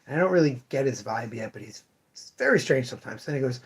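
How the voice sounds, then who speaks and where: A chatty shop owner hosting a live show, winding through customer stories with plenty of false starts and asides. The voice sits at an ordinary middle pitch, relaxed and unpolished. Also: quick pace. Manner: rambling anecdotal storytelling, many restarts. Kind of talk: casual livestream chat.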